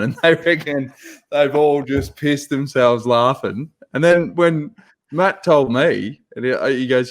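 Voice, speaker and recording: A man's voice: medium pitch, moderate pace. A man co-hosting a podcast in casual chat, laid-back and swearing freely. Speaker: podcast co-host.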